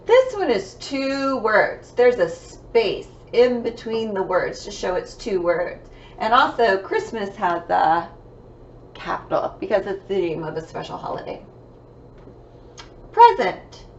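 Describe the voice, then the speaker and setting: A woman teaching a young class remotely, with a sing-song manner and drawn-out words. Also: mid-range voice, dull audio, slight background noise. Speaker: kindergarten teacher.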